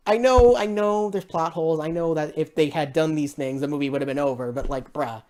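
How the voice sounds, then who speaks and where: A woman's voice: low-pitched, fairly quick, darkish tone. A woman giving a casual spoken movie review, rambling and exasperated, laughing often between her points.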